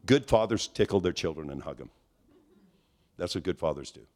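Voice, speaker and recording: At an ordinary pace, a man delivers a charismatic sermon full of stories, his delivery swinging animatedly and rising to high points near a shout.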